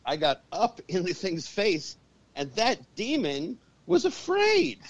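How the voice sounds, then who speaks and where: A man telling a story as a podcast guest, animated and swearing freely. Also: high-pitched, a little slow. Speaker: guest, urban shaman and exorcist. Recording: dull lo-fi podcast audio.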